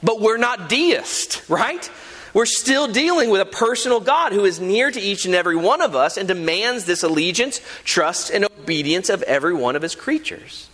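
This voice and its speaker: Lively bright-voiced male preacher. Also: sits high, moderate pace. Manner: earnest, emphatic, with frequent rhetorical "right?". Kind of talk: sermon. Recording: long hall reverb.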